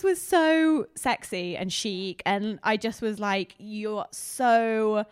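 A woman who works as a makeup artist, co-hosting a casual chat with animated, giggly storytelling. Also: medium pitch, takes it slowly, clear, resonant tone, dry recording, clean studio sound. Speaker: makeup artist, podcast co-host.

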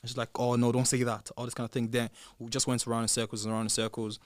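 A young British man with a medium-pitched voice rattles through drama at speed, captured in studio quality with no echo. As a podcast guest who once competed on a reality show, he keeps the chat casual, performs the quoted dialogue, and gets loud when emotions run high.

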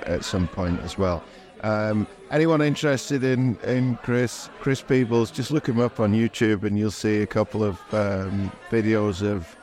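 Chuckling often and filling his speech with fillers, this podcast co-host keeps the conversation casual. He has a lowish, darkish-toned voice.

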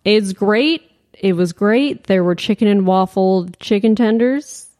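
Woman podcast cohost rambling through a story, "like" every other word, mid-pitched everyday voice. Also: a little slow, darkish tone. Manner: rambling anecdotes full of "like", laughs often. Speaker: podcast co-host. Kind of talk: casual storytelling chat.

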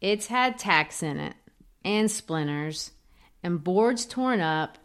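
A woman reading a poem in the voice of a weary, persevering mother advising her son, slowly and earnestly. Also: mid-range voice.

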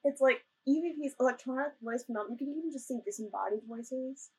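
A young woman co-hosting a casual chat recap of a ghost-hunting show, animated and laughing. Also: sits high, fast, husky, low-quality recording. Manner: animated, laughing, retells scenes in quoted voices. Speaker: podcast co-host.

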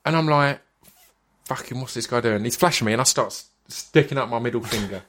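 A man's voice: medium pitch, brisk, fairly bright tone. A man, hosting a podcast and telling a story in casual, sweary chat with stammered restarts. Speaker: podcast host.

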